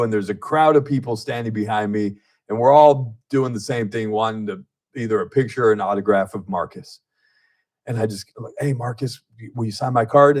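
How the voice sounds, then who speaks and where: A man hosting a local radio talk show, telling stories in a casual, animated way, laughing often and acting out what people said. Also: on the low side. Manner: animated storyteller, laughs often, acts out quotes. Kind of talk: casual radio chat and storytelling. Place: radio studio.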